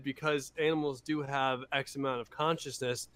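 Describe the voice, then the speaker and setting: A man co-hosting a casual podcast, excitable and laid-back with a drawling surfer-like manner. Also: medium pitch, moderate pace. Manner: excitable, laid-back, says he sounds like a stoner. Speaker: podcast co-host. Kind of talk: casual chat.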